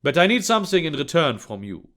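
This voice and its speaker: A man's voice: on the high side, very animated, quick pace, a bit bright. A man voicing a weary middle-aged male border policeman who talks in a tired, lethargic way.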